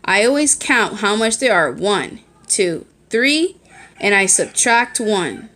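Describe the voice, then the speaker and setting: A woman's voice: medium pitch, very animated, slow, fairly bright tone, a little hiss or hum. A woman teacher giving a recorded lesson on her phone, explaining step by step and checking in often. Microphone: phone held in hand.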